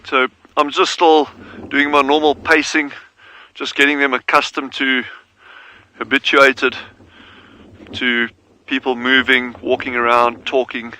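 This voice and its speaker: A man guiding a live wildlife broadcast outdoors, talking in a relaxed, chatty way and laughing easily. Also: mid-range voice, measured pace, low-quality recording. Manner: easygoing, chatty, laughs readily. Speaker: wildlife guide. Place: outdoors near meerkat burrows.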